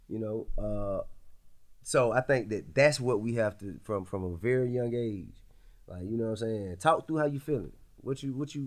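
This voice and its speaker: A man hosting a podcast in casual conversation, laid-back and profane, musing aloud and firing off rhetorical questions. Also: lowish voice. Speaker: podcast host.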